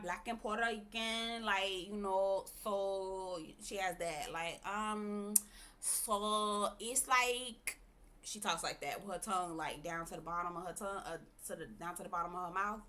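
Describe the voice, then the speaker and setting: Sassy woman recapping reality TV. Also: mid-range voice. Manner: sassy, animated, talks straight to viewers with "okay?". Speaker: TV review host. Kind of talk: casual TV recap commentary.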